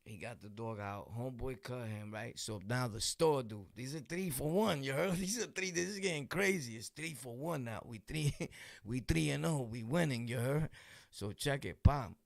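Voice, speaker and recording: A young man with a New York accent telling street stories in a casual, animated, slang-heavy way. He laughs often and acts out voices. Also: mid-range voice, normal speed, gravelly, no echo, studio quality. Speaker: vlogger telling true stories.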